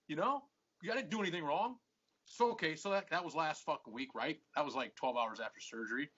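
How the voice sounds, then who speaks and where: A man's voice: on the high side, quick pace, a bit bright, husky. A man hosting a podcast, telling a rambling story full of swearing and acting out both sides of each argument. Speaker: podcast host. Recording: muffled lo-fi podcast audio.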